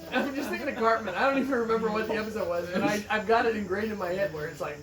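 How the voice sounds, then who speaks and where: A man's voice: sits high, rapid-fire, far from the mic, crowd noise. A man co-hosting a podcast, telling a story in a profane, jokey, casual manner and acting out the quotes. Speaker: podcast co-host. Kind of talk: casual chat.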